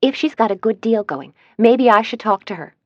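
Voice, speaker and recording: Woman narrator, first-person audiobook, measured delivery, dry, slightly dull audio. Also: fairly high pitch, animated, no echo.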